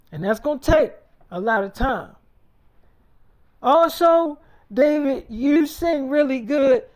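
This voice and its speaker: A man's voice: very high voice, a little mellow. A man playing a confident male film producer who talks bluntly and brashly, swearing, in an improvised freestyle role-play.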